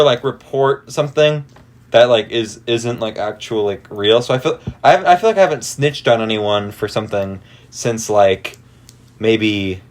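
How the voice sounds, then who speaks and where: A young man co-hosting a podcast, telling rambling stories full of fillers and getting worked up as he goes. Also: mid-range voice. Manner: rambling storytelling with many fillers, gets worked up. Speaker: podcast co-host. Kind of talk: casual chat.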